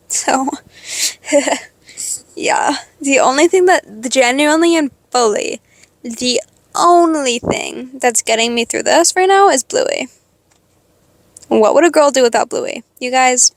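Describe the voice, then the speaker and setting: An eighteen-year-old woman venting to her followers in a profane, sarcastic rant, jumping between loud outbursts and quiet mutters. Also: high-pitched, no echo. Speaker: vlogger. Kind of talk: venting to camera.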